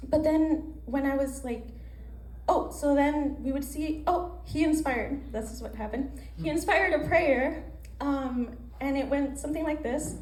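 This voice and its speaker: A woman's voice: sits high, measured pace, darkish tone. A young woman doing a chatty, self-mocking stand-up set, acting out her own inner voices. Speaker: stand-up comedian. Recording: echoey room with faint ambient noise.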